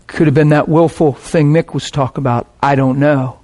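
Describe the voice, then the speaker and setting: A man's voice: on the high side, steady tone, normal speed, a little mellow. A middle-aged man, a pastor, preaching a sermon in a passionate, conversational way.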